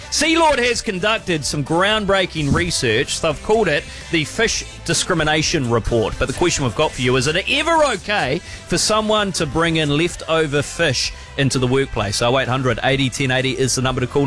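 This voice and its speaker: Kiwi talk-radio host, friendly and agreeable, slightly high pitch. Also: male voice, a bit bright. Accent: New Zealand. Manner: affable, quick to agree. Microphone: studio mic.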